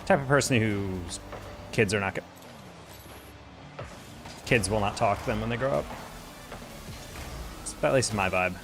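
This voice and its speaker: A man's voice: lowish voice, a little slow, long pauses, music in the background. A man streaming a game, chatting casually and venting in a rambling, conversational way. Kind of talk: casual chat while gaming.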